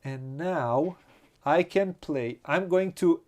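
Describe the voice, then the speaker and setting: Host of a tabletop playthrough: a man with a Romanian accent who speaks at a very unhurried pace and mutters his moves aloud. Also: on the high side, darkish tone. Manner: slow, hesitant, muttering to himself, laughs often. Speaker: board game channel host. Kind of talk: thinking aloud during a board game playthrough.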